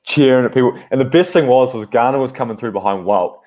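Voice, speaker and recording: A man's voice: mid-range voice, quick pace, a little mellow, poor audio. A man co-hosting a casual podcast, chatty and steering the conversation. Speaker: podcast co-host. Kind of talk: casual chat.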